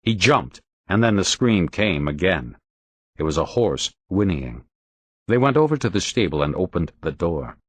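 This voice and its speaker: A man narrating an audiobook in a steady, expressive reading. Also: low-pitched, moderate pace, slightly rough. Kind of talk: audiobook narration of a crime novel.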